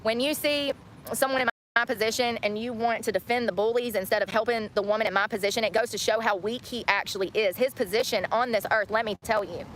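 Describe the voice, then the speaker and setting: A woman who livestreams herself, ranting at a fast clip and circling back over her own points. Her voice sits a little high. Faint background noise runs under her talk. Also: steady tone, fairly bright tone. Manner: ranting, indignant, repeats herself.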